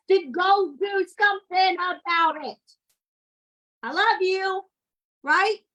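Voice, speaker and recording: A woman's voice: extremely high pitch, slow pace, fairly bright tone, rough recording. A woman leading her sales team with a blunt, scolding and motivational manner, talking directly to her listeners. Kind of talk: motivational sales coaching talk.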